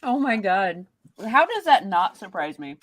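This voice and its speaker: A woman in a casual chat, enthusiastic and quick to laugh. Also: medium pitch, sing-song, a bit bright, dry recording.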